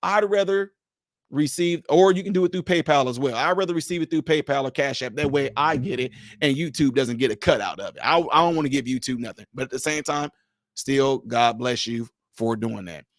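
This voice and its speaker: A man's voice: mid-range voice, brisk, dry recording. A man hosting a casual livestream for viewers, speaking emphatically with a preacher-like delivery. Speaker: livestream host.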